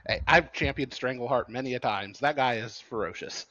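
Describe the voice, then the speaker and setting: A man's voice: mid-range voice, bright, forceful tone, no echo. Joking man on a muffled line. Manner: joking, halting with fillers. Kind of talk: casual podcast chat.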